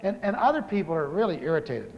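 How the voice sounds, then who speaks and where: A pastor in his fifties tells his own testimony in a humorous sermon. He is an animated storyteller who repeats words for comic effect. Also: a little high, fast, dull audio. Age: 50s. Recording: live talk in a reverberant hall with faint hiss.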